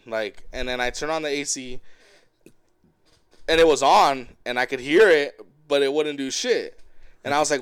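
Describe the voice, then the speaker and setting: A man's voice: mid-range voice, moderate pace, smooth, no echo. A man from co-hosting a podcast, chatting casually and telling loose, profane stories with acted-out quotes. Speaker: podcast co-host. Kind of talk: casual chat.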